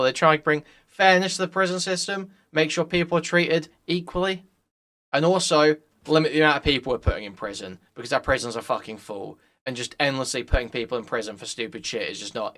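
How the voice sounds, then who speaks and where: A man's voice: a little high, quick pace, a bit bright. A young man commenting casually on a live stream, blunt and profane, rambling to his chat.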